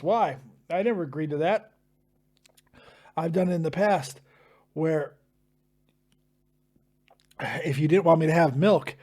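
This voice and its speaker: A man's voice: on the high side, a little mellow. Groaning man with a burning mouth. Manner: groaning, swearing, pained from hot pepper. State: mouth burning from hot pepper. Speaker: live stream host. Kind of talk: live stream chat.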